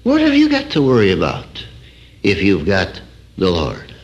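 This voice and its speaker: A man's voice: deep voice, wildly swooping pitch, measured pace. An older man preaching a sermon, quoting scripture and telling a story with rising emphasis.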